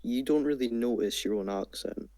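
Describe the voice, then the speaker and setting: A young Scottish man, calm and well-spoken, chatting as a podcast guest. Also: normal speed, a crowd in the background. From Scotland. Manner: deep, calm, well-spoken, laid-back. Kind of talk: casual podcast chat.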